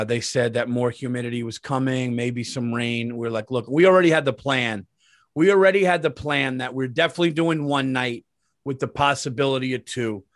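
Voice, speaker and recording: Animated storytelling man, dry sound. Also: medium pitch, dry recording. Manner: animated, swearing, repeating himself for emphasis. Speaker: podcast host. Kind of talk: casual comedic storytelling.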